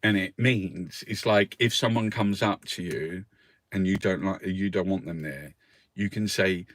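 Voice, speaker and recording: A man's voice: low voice, unhurried, fairly bright tone, dry recording. A man hosting a casual newspaper review, rambling and swearing freely, with frequent laughs. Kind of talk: casual chat.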